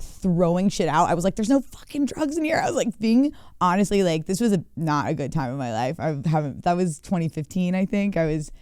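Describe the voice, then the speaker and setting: A woman in her thirties, a guest DJ telling a wild travel story in casual chat, animated, swearing a lot, peppered with "like" and frequent laughter. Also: low voice, clean tone, no room sound, studio quality. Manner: animated, swearing, many "like" fillers, laughing often.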